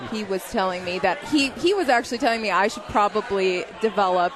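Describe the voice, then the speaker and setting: A woman's voice: medium pitch, fairly quick, crowd noise, low-quality recording. A young woman in her twenties, a TV news reporter and guest, chatting and laughing easily. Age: 20s. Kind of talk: casual interview chat.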